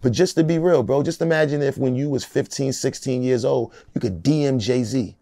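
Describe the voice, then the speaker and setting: A man's voice: mid-range voice, normal speed, creaky, mellow, no echo. A man in his forties, a rapper being interviewed, talking in a casual, profane, streetwise way and often adding "you know what I'm saying".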